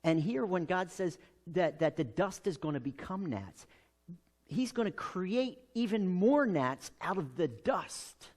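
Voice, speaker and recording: American pastor guy, kinda high voice, animated, acting out the story in his sermon. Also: measured pace.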